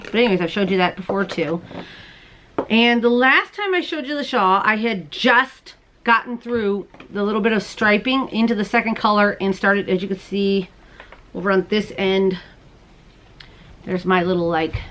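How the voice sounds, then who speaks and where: A woman in her thirties hosting a crochet and knitting podcast, chatting casually to camera at home, bubbly and quick to laugh. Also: mid-range voice, fairly bright tone, slight background noise. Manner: chatty, bubbly, laughs often, talks to viewers as "you guys". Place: at home, indoors.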